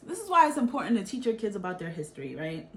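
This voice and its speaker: A woman's voice: mid-range voice, sing-song, quick pace, fairly bright tone, slight background noise. A woman in her thirties from Brooklyn, chatting animatedly through a storytime while doing her makeup and often adding "right?". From Brooklyn, New York. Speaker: vlogger.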